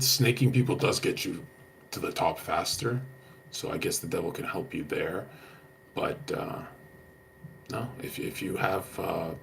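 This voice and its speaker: A man's voice: fairly low pitch, creaky, a little hiss or hum. A young man talking to his stream chat in a blunt, slangy way, swearing and saying "bro" a lot. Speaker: livestreamer answering chat.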